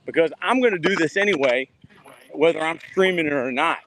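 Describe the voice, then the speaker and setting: A man with a high voice speaks in an encouraging, rambling way during a casual stream chat. Clear background noise runs under his voice. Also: animated, brisk, a bit bright. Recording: noisy background.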